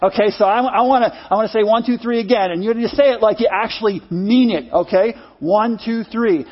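A man's voice: sits high, a little fast, husky, muffled recording. A middle-aged male pastor preaching a sermon in an earnest, repetitive style, leading the congregation in call-and-response.

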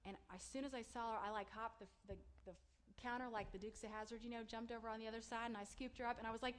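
A woman in her thirties sharing a personal testimony, an animated storyteller who acts out her own excited words. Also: on the high side, quick pace, few pauses.

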